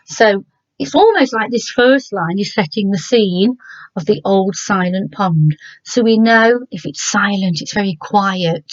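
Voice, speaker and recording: A middle-aged English woman, a primary school teacher, giving a remote lesson to children and sounding words out slowly and gently. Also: medium pitch, dry recording, highs cut off.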